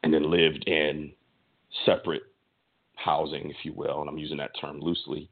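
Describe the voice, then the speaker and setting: A man co-hosting a sports podcast, delivering a heated, emphatic opinion rant with a husky voice and stammering restarts. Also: a bass voice, level tone, normal speed. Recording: tinny phone-like audio.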